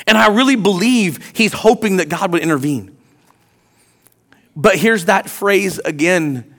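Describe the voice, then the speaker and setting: A man preaching a sermon as pastor, reading scripture aloud and swinging from quiet, drawn-out lines to loud, emphatic ones. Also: high voice, animated.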